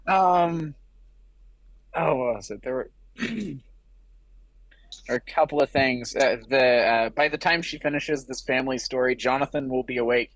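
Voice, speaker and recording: A man's voice: mid-range voice, normal speed, pauses often, no echo. A man in a writers' group chatting casually, stammering as he begins his sentences. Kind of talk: casual feedback chat.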